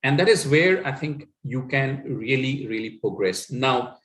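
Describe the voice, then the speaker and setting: An earnest middle-aged man with an Indian English accent gives a motivational coaching talk, often adding "right?" and "you know". His voice sits at an ordinary pitch for a man. The recording carries a noticeable roomy echo. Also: lively intonation, measured pace, fairly bright tone. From Assam, India. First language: Assamese. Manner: earnest, with many fillers and tag questions. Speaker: communication coach. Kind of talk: motivational talk answering a question.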